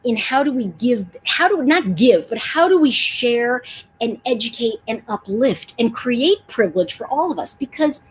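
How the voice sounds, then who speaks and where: A woman's voice: a little high, animated, moderate pace, a little hiss or hum, rough recording. A middle-aged woman hosting a casual livestream, talking emphatically and answering viewers in the chat. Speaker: livestream host.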